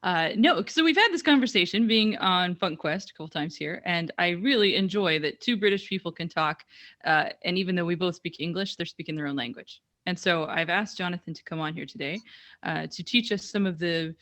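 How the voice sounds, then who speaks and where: A woman from Washington State co-hosting a casual chat, eager and quick to laugh, often restarting her sentences. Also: fairly low pitch, fairly bright tone. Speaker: co-host.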